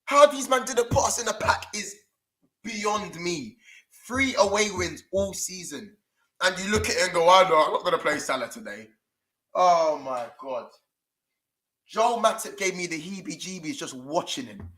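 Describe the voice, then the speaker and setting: A young man with a London accent rants to camera about his team, swearing and piling on street slang. His voice sits high and comes across bright and sharp, restless with anger. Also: animated, a little slow, poor audio. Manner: furious, swearing, slang-heavy rant. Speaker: fan channel presenter. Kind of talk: angry fan rant to camera. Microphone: camera mic.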